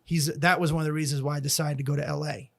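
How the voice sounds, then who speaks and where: A man's voice: fairly high pitch, fast, creaky. A man from North Jersey, a stand-up comedian telling profane, laugh-filled stories as a podcast guest. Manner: profane, animated storyteller who laughs a lot. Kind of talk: casual storytelling chat.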